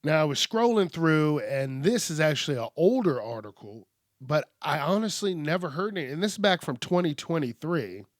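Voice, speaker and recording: A man's voice: on the high side, big pitch swings, moderate pace, no room sound, studio quality. A male podcast host riffing casually on news stories, joking and swearing freely. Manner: profane, joking, rhyming asides.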